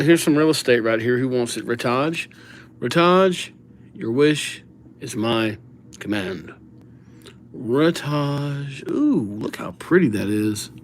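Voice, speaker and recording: A man's voice: mid-range voice, slight background noise. A man hosting a casual livestream, reading out viewer names while he writes them, in an easygoing way. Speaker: livestream host.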